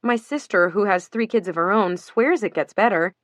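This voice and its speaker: A woman's voice: medium pitch, moderate pace, no echo, natural voice. Tired young new mom, read by a woman narrator, confiding, wry, dry storybook sound.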